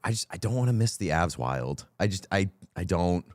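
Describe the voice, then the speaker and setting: A man's voice: low-pitched, animated, a little fast, dry recording, clean studio sound. A man co-hosting a casual sports podcast, teasing and laughing with his friends. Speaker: podcast co-host. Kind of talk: casual chat.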